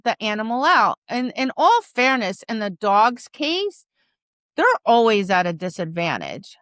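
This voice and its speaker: A woman dog trainer co-hosting a podcast, talking in an animated casual chat, often asking "right?" and acting out quoted lines. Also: fairly high pitch, unhurried, dry recording, studio quality. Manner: frequent "right?" and "like".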